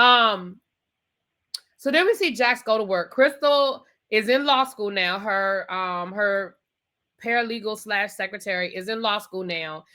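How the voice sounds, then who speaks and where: A woman's voice: mid-range voice, measured pace, sharp tone. A woman giving a chatty, opinionated recap of a TV episode, talking straight to her viewers. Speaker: TV show reviewer. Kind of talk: casual spoken recap and commentary.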